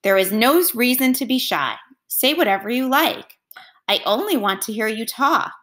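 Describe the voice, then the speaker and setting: A woman's voice: a little high, big pitch swings, moderate pace, fairly bright tone. A woman voicing a proud male king who grows impatient and gives commands. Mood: commanding.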